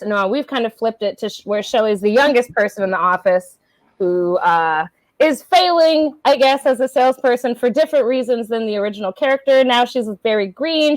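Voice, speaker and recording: A woman's voice: a little high, dry recording, low-quality recording. A woman who wrote the play, chatting and laughing as she explains a scene and gives directions. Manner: chatty, laughs often, bossy cues. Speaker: playwright directing a reading. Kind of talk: casual chat, explaining a scene.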